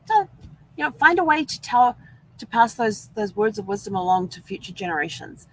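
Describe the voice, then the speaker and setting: A woman's voice: on the high side, big pitch swings, moderate pace, slight background noise, poor audio. A woman from New Zealand with a New Zealand accent, hosting a casual live-stream chat from inside an RV. She is upbeat and rambling, and she acts out the things she once said. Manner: upbeat, rambling, acts out her own past words. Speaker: vlog host.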